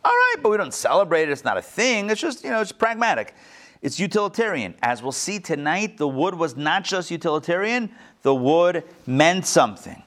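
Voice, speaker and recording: Lively man teaching a class. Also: fairly high pitch, brisk. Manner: lively, asks the group questions, joking asides. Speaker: teacher leading a text study class. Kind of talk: casual interactive teaching.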